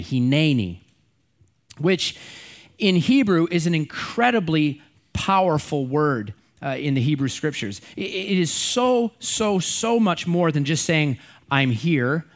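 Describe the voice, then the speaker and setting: Middle-aged male pastor, somewhat high voice, conversational sermon delivery, leans on key words. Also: expressive, unhurried. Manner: conversational, repeats words and restarts, stresses key words.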